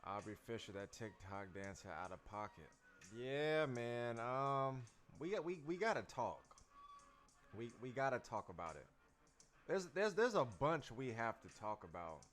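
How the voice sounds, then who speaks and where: A man's voice: medium pitch, very animated, unhurried, a bit bright, soft background music. Slangy man hosting a livestream. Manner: loose, slangy, repeats phrases, addresses viewers. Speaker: livestream host and dance teacher. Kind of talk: casual livestream chat.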